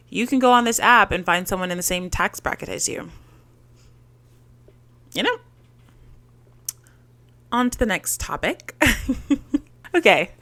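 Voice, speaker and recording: A woman's voice: fairly low pitch, bright, forceful tone, no room sound. Giggly, rambling young woman podcaster. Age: young adult. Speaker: podcast host. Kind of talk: solo casual chat.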